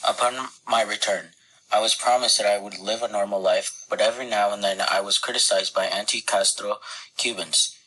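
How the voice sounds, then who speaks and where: Man, reading aloud, lowish voice, calm, reflective. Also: rough recording. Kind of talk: first-person reading.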